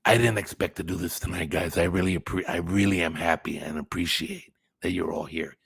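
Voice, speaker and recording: A man's voice: low voice, steady tone, brisk, vocal fry, a bit bright, breathy edge, no echo. A man hosting a casual livestream, chatting with viewers in a rambling way, swearing now and then and thinking aloud. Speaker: channel host reading live chat.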